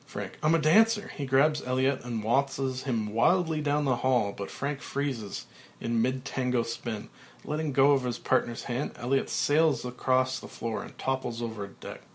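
Brief: male reader, mid-pitched, slow and level script reading. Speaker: podcaster. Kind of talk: reading a screenplay aloud.

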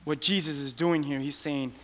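Male preacher, slightly high-pitched, sharp and forceful, impassioned sermon delivery, long hall echo. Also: steady tone, moderate pace. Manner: impassioned, rising to near-shouted pleas.

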